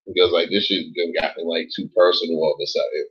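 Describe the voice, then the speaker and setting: A man talks loosely through a late-night livestream, rambling, cursing freely, leaning on "like" and "yo." His voice sits a little low with a husky edge. The audio comes through dull and lo-fi. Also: level tone, fast, fairly bright tone. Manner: laid-back, rambling, swears a lot, says like and yo often. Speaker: livestream host reading chat.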